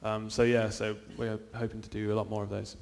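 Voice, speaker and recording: A man's voice: fairly low pitch, flat delivery, a little fast, gravelly, darkish tone. Man, casual panel talk, hesitant, ums, dry humour, long hall reverb. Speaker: video creator on a convention panel.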